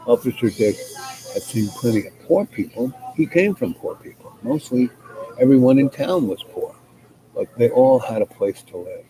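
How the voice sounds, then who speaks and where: A man's voice: medium pitch, animated, normal speed, warm tone, rough recording. A man telling a rambling, wry bedtime-style story as the storyteller, over a noticeable hiss.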